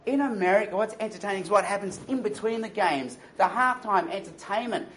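A man's voice: high voice, brisk, a little hiss or hum, rough recording. A man preaching a sermon, telling stories and mocking smug attitudes with playful impressions. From Australia. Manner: animated storytelling with mocking impressions.

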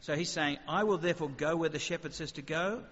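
In a reverberant hall, a man delivers a sermon in a conversational, animated way, asking rhetorical questions as he goes. His voice is on the high side and fairly quick, and the recording is dull with a long hall reverb.

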